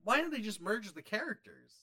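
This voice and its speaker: Lively, higher-voiced man chatting. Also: a little fast. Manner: animated, jokey, slips into quoted voices. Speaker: podcast co-host. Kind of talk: casual chat about a movie.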